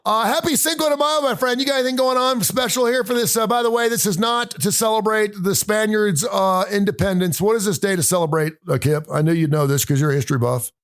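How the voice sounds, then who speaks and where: Man, middle-aged, American, radio co-host, casual storytelling, laughs a lot, fairly high voice. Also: quick pace, hardly any pauses. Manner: storytelling, laughs often, animated retelling. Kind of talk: casual talk radio banter.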